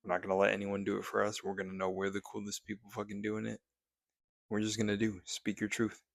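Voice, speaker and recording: A man's voice: lowish voice, monotone, quick pace, vocal fry, no echo, studio quality. A young man talking casually and preachily to camera, swearing freely as he encourages his viewers. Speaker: spiritual vlogger. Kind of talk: casual motivational monologue.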